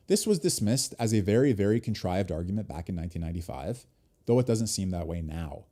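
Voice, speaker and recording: A man hosting a livestream, reading an article aloud at an even pace and stopping now and then for short asides of his own. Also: deep voice, fairly quick. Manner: reads text aloud, breaking off for brief asides.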